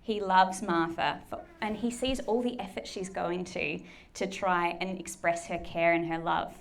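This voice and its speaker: A woman's voice: lowish voice, steady tone, a little slow, creaky. A woman preaching a sermon in a conversational, chatty way, acting out quoted lines playfully. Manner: conversational, chatty, with lots of fillers.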